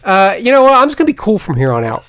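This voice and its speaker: Joking podcast guy with a lively voice. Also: sits high, racing, crowd noise. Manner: joking and teasing, laughs often. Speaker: podcast co-host. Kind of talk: casual chat.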